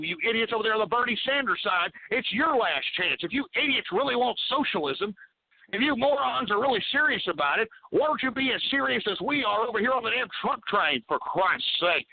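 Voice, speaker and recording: A man's voice: extremely high pitch, animated, a little fast, vocal fry. A man hosting a radio talk show, ranting angrily and exasperatedly with lots of swearing. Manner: swears a lot. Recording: tinny phone-like radio audio.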